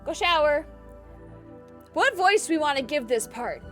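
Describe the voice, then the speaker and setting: A young adult woman streaming a game, chatty and thinking aloud, with loud excitable outbursts. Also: high voice, measured pace, soft background music. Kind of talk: gaming stream commentary.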